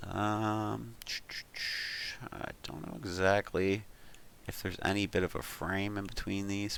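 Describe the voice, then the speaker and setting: A man's voice: low voice, vocal fry, fairly bright tone, a little hiss or hum. A man hosting a 3D modeling tutorial, talking casually and thinking aloud with frequent ums and uhs as he talks the viewer through each step. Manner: talks the viewer through steps with "we'll" and "you could". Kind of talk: casual screen-recorded tutorial.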